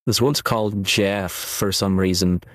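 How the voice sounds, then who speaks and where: A streamer using a voice-changer preset that makes them sound like a man named Jeff, greeting the chat deadpan. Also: sits low, a little slow, no echo, studio quality, voice pushed down. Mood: flat.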